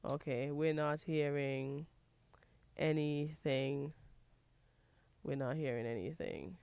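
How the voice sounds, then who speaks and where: A woman hosting a radio show, curious and brisk, repeating phrases back to her guest. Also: low voice, fairly even intonation, darkish tone, clear, resonant tone, dry recording. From Dominica. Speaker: radio host. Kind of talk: casual radio talk. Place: radio studio.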